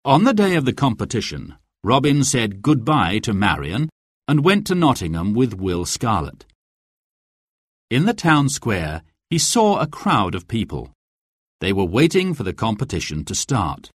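A man reading a storybook aloud as narrator, with expressive, clear and careful delivery. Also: lowish voice, unhurried, no room sound, clean studio sound.

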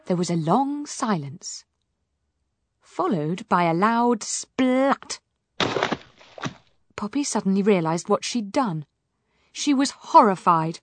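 A woman reading a fairy tale aloud, slow and expressive, over background music. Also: mid-range voice. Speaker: storyteller. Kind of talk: storybook reading. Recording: music playing behind.

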